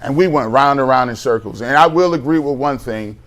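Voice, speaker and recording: A man's voice: medium pitch, fairly quick, a bit bright. A man co-hosting a sports talk show, ranting in a heated, slangy, exasperated way about coaching decisions.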